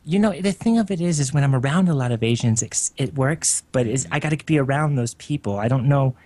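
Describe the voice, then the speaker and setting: A man speaking on a headset as a comedy podcast guest, talking in a deadpan, rambling, mock-serious way. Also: mid-range voice, fairly quick, no echo. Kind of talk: improvised comic banter.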